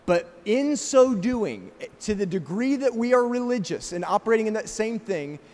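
A man's voice: high-pitched, sing-song, moderate pace, darkish tone, long reverb tail. A middle-aged man with a slight South African accent preaching a sermon as pastor, emphatic and asking the congregation rhetorical questions. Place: church sanctuary.

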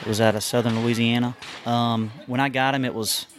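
A man chatting in a relaxed way about his experience working his own dog. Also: mid-range voice, brisk, slight background noise. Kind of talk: casual chat.

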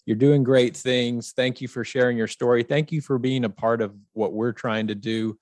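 A man's voice: mid-range voice, steady tone, normal speed, a little mellow, no room sound, clean studio sound. A man hosting a podcast, wrapping up an interview with enthusiastic, encouraging praise for his guest. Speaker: podcast host. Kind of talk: casual interview talk.

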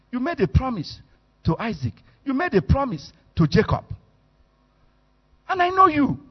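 A man's voice: extremely high pitch, breathy edge, full character voice. Man playing pleading Moses, Nigerian accent. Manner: earnest, reasoning, deferential. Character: pleading older male prophet, respectful. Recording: echoey hall, muffled sound.

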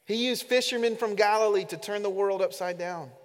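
High-voiced pastor preaching in an echoey church. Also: male voice, brisk. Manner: earnest, emphatic preaching, addressing the congregation directly. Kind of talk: sermon. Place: church sanctuary during a service. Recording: echoey hall with long reverb.

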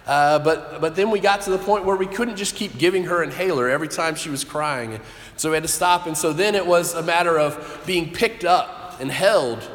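A man in his thirties, a pastor giving a sermon in an earnest, halting storytelling way with restarts. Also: a little high, fairly bright tone. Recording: echoey hall with long reverb.

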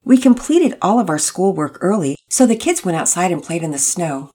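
A woman's voice: lowish voice, very animated, moderate pace. Woman voicing a firm, polite mother. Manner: polite but sharp.

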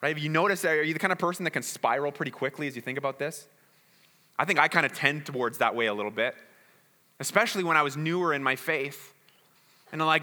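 A man's voice: a little high, quick pace, bright, forceful tone. A man preaching a sermon in a conversational way, often repeating words and asking "right?". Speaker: pastor. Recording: reverberant hall.

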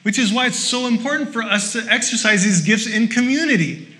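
High, bright-voiced male pastor preaching. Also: a little fast. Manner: lively and conversational, with joking asides; exhorting, repeating short phrases. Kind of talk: sermon.

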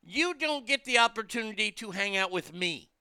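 A man's voice: sits high, animated, moderate pace, sharp tone, smooth, no echo, clean studio sound. A man hosting a podcast, delivering a blunt, profane, exasperated opinion rant. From United States.

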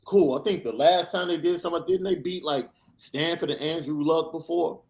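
A man's voice: fairly high pitch, moderate pace, a little mellow. A man hosting a sports podcast, ranting with emphatic, sarcastic repetition. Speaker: podcast host. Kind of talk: animated sports podcast rant.

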